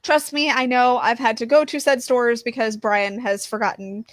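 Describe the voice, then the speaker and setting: A woman co-hosting a podcast, telling stories in casual chat, animated and quick to laugh. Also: a little high, dry recording. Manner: animated storyteller, laughs easily. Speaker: podcast co-host.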